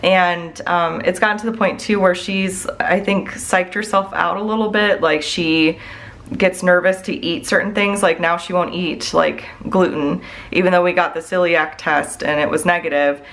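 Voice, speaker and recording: A woman with a somewhat low voice chats openly with her viewers as a mom and budget vlogger. Her talk wanders, full of "like" and "I don't know." She comes across as worried and unguarded. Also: fairly even intonation, normal speed, fairly bright tone. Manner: rambling, heavy use of "like" and "I don't know"; candid and worried. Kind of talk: casual chat to viewers.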